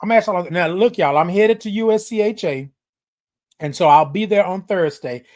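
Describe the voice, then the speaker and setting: A man with a high-pitched voice hosts a live morning stream over social media. His delivery is affectionate and repetitive, with a preacherly rhythm as he speaks straight to his viewers. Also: fairly quick, a little mellow. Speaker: host of a live morning show. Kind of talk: casual livestream talk.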